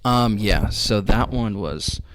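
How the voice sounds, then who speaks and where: A man hosting a reaction video at home at night, rambling and halting as he talks, sounding shaken. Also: lowish voice, animated, no room sound. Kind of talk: casual reaction commentary.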